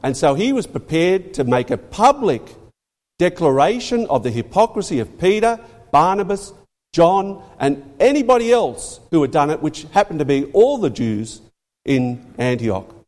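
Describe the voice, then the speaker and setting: A man's voice: a little high, very animated, normal speed, a little mellow. A man preaching a sermon, emphatic, repeating phrases and leaning hard on key words. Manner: emphatic, rising and falling for stress, repeats phrases. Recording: long hall reverb.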